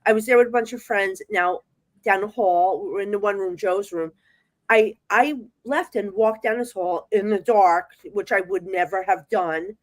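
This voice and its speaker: Animated and doing the voices of the people she quotes, a New Jersey–accented woman shares ghost stories as a psychic medium guest in relaxed chat. Her voice is mid-range at a normal speed, recorded without echo.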